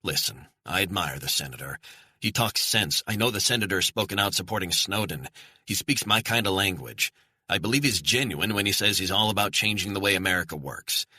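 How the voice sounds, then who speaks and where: A man's voice: sits low, lively intonation, brisk, sharp tone, husky, dry recording, heavily acted. A man voicing an earnest journalist urging a skeptical colleague to believe his source. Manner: earnest, persuasive.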